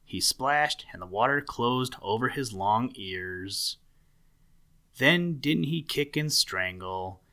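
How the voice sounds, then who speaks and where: A man narrating a children's animal story aloud, gentle and storytelling, with dramatic swells. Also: mid-range voice, animated, slow pace.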